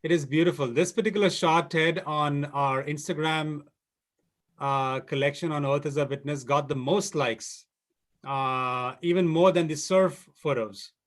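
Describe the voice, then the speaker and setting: Guy hosting the chat, kinda high voice, chimes in all excited. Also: unhurried. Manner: brief enthusiastic reactions. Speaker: host. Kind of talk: casual interview chat.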